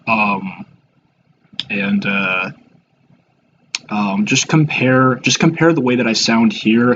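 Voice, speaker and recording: A man in his twenties giving casual, rambling and self-deprecating reaction commentary, halting with many fillers and restarts. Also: on the low side, a bit bright, muffled recording, slight background noise. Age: 20s. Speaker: YouTuber reacting to his old videos.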